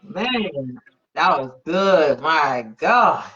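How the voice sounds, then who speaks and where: A woman hosting a faith-based interview podcast, emphatic and quick to exclaim and affirm. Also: low-pitched, fairly bright tone. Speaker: podcast host. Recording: dull lo-fi sound.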